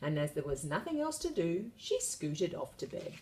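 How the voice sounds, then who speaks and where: Expressive woman reading a storybook. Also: lowish voice, moderate pace, slight background noise. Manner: lively, expressive. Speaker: children's book reader. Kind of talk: storybook read-aloud narration.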